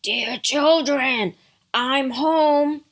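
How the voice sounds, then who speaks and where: A woman voicing a sly male wolf in a storybook who coaxes slowly and sweetly to pass as a mother goat. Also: sits high, a bit bright, pitched above the performer's own voice, heavily acted. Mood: coaxing.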